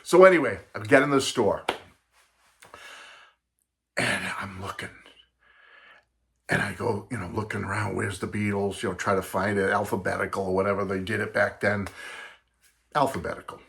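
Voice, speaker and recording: A man in his sixties hosting a vlog, telling a nostalgic personal story in a chatty, animated way, talking straight to his viewers. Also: fairly low pitch, moderate pace, creaky, long pauses. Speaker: vlog host and record collector.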